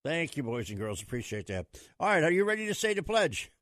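A man hosting a talk radio show, folksy and emphatic, rambling through shout-outs and opinions. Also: a little high, big pitch swings, fairly quick, no echo.

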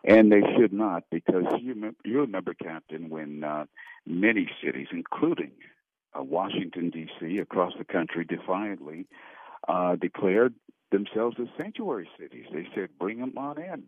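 A man calling in as a regular commentator on a political talk radio show, speaking haltingly with frequent fillers. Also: deep voice, expressive, dry recording. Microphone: telephone. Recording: tinny phone line.

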